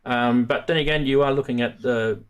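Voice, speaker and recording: A man's voice: medium pitch, steady tone, moderate pace, clean tone. A man hosting a live stream about synth modules, chatting casually and rambling with many restarts. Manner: rambling, self-interrupting, chatty.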